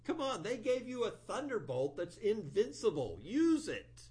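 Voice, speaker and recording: A giant male demon, as a man puts him on for a sermon, cries out in a voice pushed far above a normal speaking pitch. He sounds pleading and insistent and keeps pressing urgently. The voice is loud and strained. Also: huge pitch swings, unhurried, exaggerated voice. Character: huge male demon begging to be slain.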